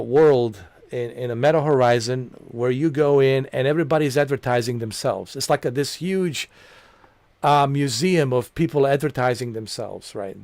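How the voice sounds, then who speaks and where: With a medium-pitched, slightly mellow voice and no room sound, a man who streams games spins out a lengthy, loose anecdote. He keeps saying "man," "dude," and "you know," clearly amused and chuckling at his own tale.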